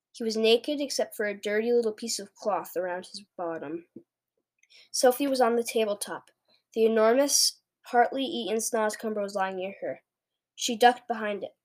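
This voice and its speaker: Woman reading a children's book aloud. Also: fairly high pitch. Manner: expressive reading with small stumbles. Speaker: book reader.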